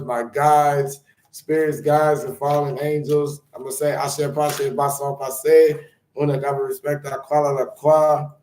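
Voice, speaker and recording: Guy doing a spiritual card reading, kinda high voice, rambly preachy blessings, roomy echo. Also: darkish tone. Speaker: spiritual channel host.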